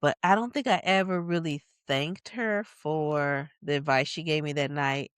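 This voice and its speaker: A podcast co-host from Michigan telling a personal story in a reflective way, with many fillers and quick bursts of narration. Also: medium pitch, fairly bright tone, clean tone, dry recording, clean studio sound.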